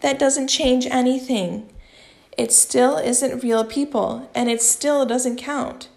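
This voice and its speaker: A woman's voice: on the high side, gravelly. Woman voicing an outraged dramatic young man. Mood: indignant. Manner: exasperated, theatrical, slow emphatic.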